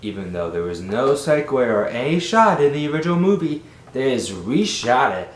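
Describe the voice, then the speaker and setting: A man giving a casual, rambling film review, animated and exasperated. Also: moderate pace. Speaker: movie reviewer. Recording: roomy with faint rumble.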